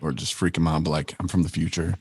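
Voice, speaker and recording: A man's voice: extremely low pitch, level tone, fast, a little mellow, breathy edge, no room sound, studio quality. A man co-hosting a podcast in casual banter, joking and riffing on absurd scenarios. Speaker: podcast co-host.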